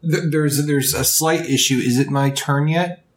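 A man's voice: a little high, unhurried, echoey room. Teasing man playing a tabletop game. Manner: joking, teasing. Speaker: player. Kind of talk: casual tabletop play.

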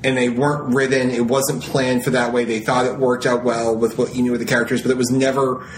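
A man's voice: mid-range voice, fairly quick, noisy background. A man co-hosting a podcast, telling long rambling stories in casual chat and acting out quoted lines. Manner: rambling, animated storytelling with quoted voices. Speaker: podcast co-host.

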